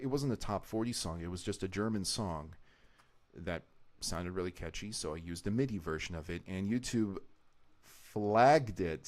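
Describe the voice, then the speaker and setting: A man with a very deep voice gives live-stream commentary while he edits a video. He explains each choice at length, wanders off on side thoughts and restarts his sentences as he goes.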